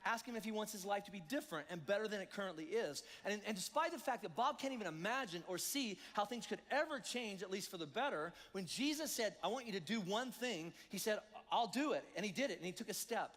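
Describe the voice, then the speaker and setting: High-voiced male pastor in a reverberant hall. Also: fast, few pauses. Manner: animated, conversational, acts out voices of listeners. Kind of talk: sermon. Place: church hall. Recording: long church hall reverb.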